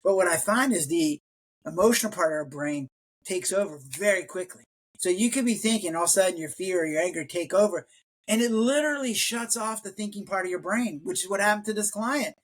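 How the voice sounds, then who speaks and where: Animated retired doctor telling stories. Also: male voice, sits high, brisk. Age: older. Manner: animated storyteller, acts out quotes in raised voice. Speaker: podcast guest, retired physician. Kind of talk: casual interview talk.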